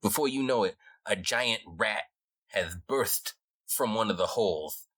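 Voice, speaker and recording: A man runs a tabletop game with loose, joking narration. His voice sits low but has a bright edge, recorded close and dry. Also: expressive, a little slow, no echo. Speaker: game master.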